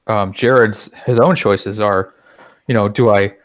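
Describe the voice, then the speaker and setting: Low-voiced man in dry casual chat. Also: fairly even intonation, a little slow, no echo. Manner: chatty, acts out quoted remarks.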